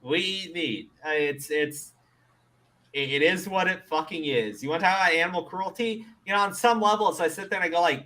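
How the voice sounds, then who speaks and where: A man's voice: sits high, a little fast. A man hosting a casual commentary show, ranting with lots of swearing, stammered restarts and frequent laughter. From Middle East. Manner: profane, animated, laughs often, stammers on restarts. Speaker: commentary host.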